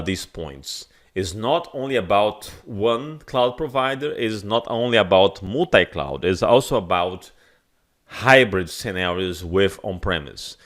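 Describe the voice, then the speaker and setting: A man's voice: fairly low pitch, fairly bright tone. A man with a giving an enthusiastic conference keynote, with small grammar slips. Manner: enthusiastic, with some non-native grammar slips. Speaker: keynote speaker.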